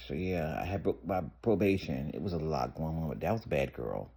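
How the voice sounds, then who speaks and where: A man's voice: rumbling low, lively intonation, brisk, creaky, hardly any pauses, mellow, husky. A man telling a personal story in a casual, candid storytime vlog, rambling and restarting as he goes. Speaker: storyteller vlogger.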